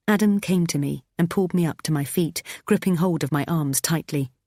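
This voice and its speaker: A woman reading a first-person thriller audiobook, tense and expressive. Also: sits low, fairly quick, dry recording, clean studio sound. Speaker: audiobook narrator.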